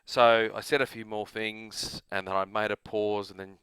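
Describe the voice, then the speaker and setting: A man's voice: fairly low pitch, little pitch movement, moderate pace, a bit bright, clear, resonant tone, no echo. A man with an Australian accent, host of a gaming channel, telling a long rambling story in a casual, self-amused way.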